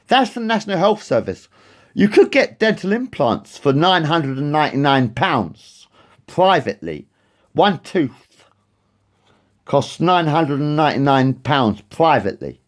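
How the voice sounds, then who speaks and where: Man, ranting to camera, profane and rambling, higher voice with wide swings. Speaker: vlogger.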